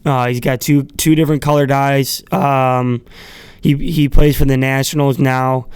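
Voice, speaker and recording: A man's voice: mid-range voice, flat delivery, measured pace, a little mellow, clean tone, no echo. A man hosting a podcast, talking in a casual solo monologue that rambles, full of fillers, chuckling asides and casual swearing. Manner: irreverent, swears freely. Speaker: podcast host.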